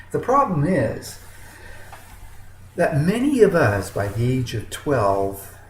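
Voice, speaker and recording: A man telling a fable slowly and dramatically, swinging between soft and strong emphasis. His pitch sits in a middle range. The voice rings in a roomy space with faint noise in the background. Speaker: motivational storyteller. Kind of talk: told fable with a moral.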